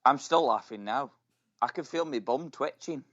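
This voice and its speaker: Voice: medium pitch, animated, moderate pace, fairly bright tone. A podcast co-host in casual chat, teasing and jokey, drawing words out. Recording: dull lo-fi mic.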